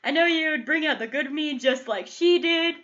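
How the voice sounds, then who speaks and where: Woman, casual review vlog, gushing, high voice, muffled lo-fi recording. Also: fairly quick, a bit bright. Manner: gushing, emotional, many "like" fillers. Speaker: TV show reviewer.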